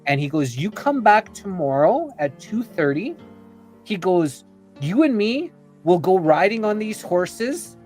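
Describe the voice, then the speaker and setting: A man's voice: high voice, sing-song, measured pace, darkish tone, faint music behind. A man on a podcast telling a long personal story in a chatty, rambling way, full of "you know" and "like," acting out what people said. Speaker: podcast guest.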